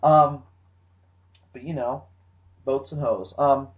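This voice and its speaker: A man's voice: medium pitch, fairly even intonation, slow, muffled recording. A man co-hosting a casual movie podcast, rambling with lots of ums and joking asides. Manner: rambling with many ums, swearing, jokey voices. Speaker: podcast co-host.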